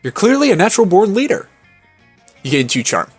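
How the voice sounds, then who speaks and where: A man reading out game text on a live stream, casual and loose. His voice sits a little high, and game music runs underneath. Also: big pitch swings, fairly quick, husky, no echo. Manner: casual, laughing, swearing. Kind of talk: reading a game's text aloud on a livestream.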